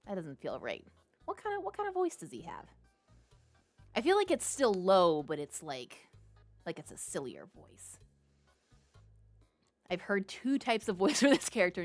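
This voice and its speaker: A woman's voice: lowish voice, very animated, moderate pace, dry recording, faint music behind. A woman from Texas, chatting through a game for her viewers, jumpy and giggly. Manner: jumpy, giggly, talks to chat. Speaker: game streamer. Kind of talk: live game commentary.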